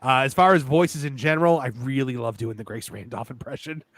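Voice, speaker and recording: A man's voice: mid-range voice, fairly quick, fairly bright tone, no room sound. A man hosting a casual livestream chat who reads out viewer questions and chats easily with his co-hosts. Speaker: livestream host.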